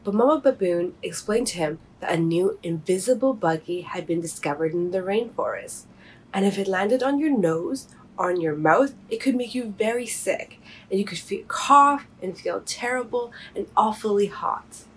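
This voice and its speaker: A woman reading her children's picture book aloud, gently and expressively. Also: medium pitch, expressive, normal speed, husky, poor audio. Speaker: storybook reader and author.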